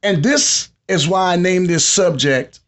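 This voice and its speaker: A man with a fairly high voice, hosting a live podcast. He lectures his audience in a conversational, preachy tone and talks straight to them. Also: measured pace, a bit bright. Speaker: podcast host.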